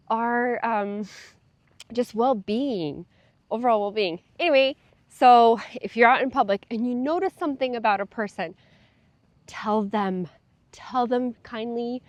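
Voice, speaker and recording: A young adult woman vlogs casually to the camera, chatty and full of fillers and little laughs. Her voice is a little high, on a dry recording.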